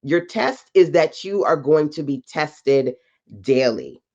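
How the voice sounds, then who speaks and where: A woman business coach on a live stream, talking slowly and emphatically in a preachy motivational style with slang asides and greetings to viewers. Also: low-pitched, animated, darkish tone, lo-fi sound. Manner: deliberately slow delivery.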